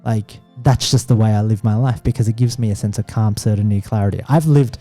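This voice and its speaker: A man in his thirties thinks out loud in a relaxed conversation, candid and a little rambling as he searches for the point. His voice sits dark and mellow, with quiet music playing underneath. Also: on the low side, brisk. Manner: candid, rambling, self-reflective. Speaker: podcast co-host. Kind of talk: casual conversation with his partner.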